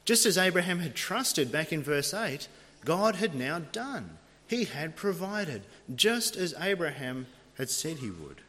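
A man's voice: a little high, big pitch swings, measured pace, bright, forceful tone. Preacher man in a reverberant hall. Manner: dramatic storytelling with vivid retelling. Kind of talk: sermon. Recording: long reverb of a large hall.

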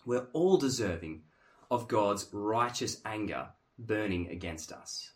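A man preaching a sermon in an earnest, emphatic way, dropping to hushed tones and then rising to forceful stress. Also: on the low side, lively intonation, takes it slowly.

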